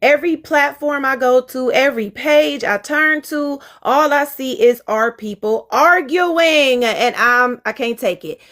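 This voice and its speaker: A woman's voice: high-pitched, a little slow, hardly any pauses, a bit bright. A woman relationship coach chatting frankly on her live stream, laughing easily between exasperated asides. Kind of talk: casual live-stream talk.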